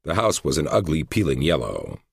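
A man reading a book aloud in a measured storytelling manner. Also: very deep voice, wildly swooping pitch, vocal fry, slightly rough, no room sound, clean studio sound. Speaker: audiobook narrator. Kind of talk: scripted narration.

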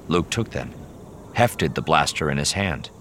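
A man narrating a novel in a measured, storytelling manner. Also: a bass voice, lively intonation, fairly bright tone, slight background noise. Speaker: audiobook narrator. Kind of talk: scripted narration.

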